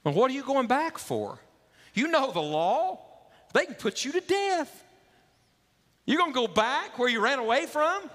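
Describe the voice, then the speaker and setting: A nosy traveler on a dusty path, as a preacher acts him out, firing off folksy questions in a raised, bouncy voice. The sound rings through a large church hall. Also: male voice, high-pitched, big pitch swings, measured pace, pauses often, fairly bright tone, voice pushed up, heavily acted. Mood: curious. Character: curious talkative male traveler on a road.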